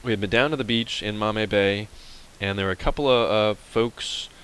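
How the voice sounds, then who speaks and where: A man's voice: fairly low pitch, normal speed, a bit bright, clean tone, poor audio. A man from Pennsylvania commenting on a game and telling a rambling story to viewers in a casual, chatty way. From Pennsylvania, USA. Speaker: let's play host.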